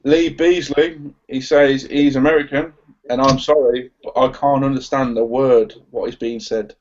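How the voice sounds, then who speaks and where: A man's voice: medium pitch, steady tone, moderate pace, darkish tone, slight background noise. A man with a West Midlands accent, reading out viewer questions in a casual live chat with a joking, cheeky manner. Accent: West Midlands English. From West Midlands, England. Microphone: video call. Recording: dull lo-fi online call audio.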